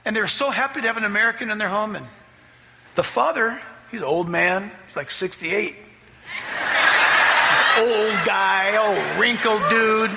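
A man pastor preaching a sermon and telling a story, climbing to loud, excited peaks. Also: sits high, measured pace, gravelly, big-room sound, slight background noise. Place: church sanctuary.

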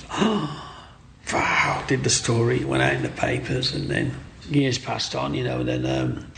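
A middle-aged man telling his life story in an interview, animated, acting out the voices of people in his story. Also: mid-range voice, normal speed, gravelly, slight background noise. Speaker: guest.

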